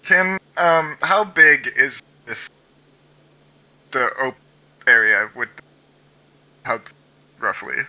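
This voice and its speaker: A man's voice: medium pitch, lively intonation, slow pace, pauses often, bright, forceful tone, dry recording. A man playing in a tabletop game, asking questions hesitantly, full of fillers and restarts. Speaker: player.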